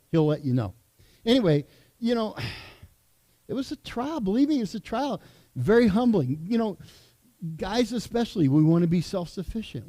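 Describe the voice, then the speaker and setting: A man's voice: a little high, dark tone. A middle-aged man, a church elder, preaching a sermon in a conversational way with asides.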